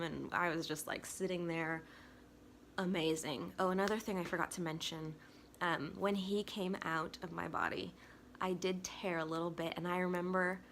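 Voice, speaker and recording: A young woman vlogger telling a personal story in a casual, chatty, excitable way. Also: fairly low pitch, a little hiss or hum. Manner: excitable, chatty, talks with 'like' often.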